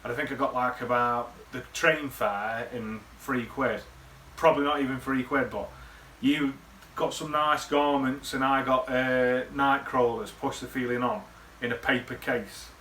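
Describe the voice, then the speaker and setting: A man talks straight to camera at home, rambling and swearing through old memories in a laddish, matey way. His voice is bright and forward, at a middling pitch. A faint room hum sits behind him. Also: fairly even intonation, a little slow. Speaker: vlogger. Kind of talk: casual reminiscing monologue.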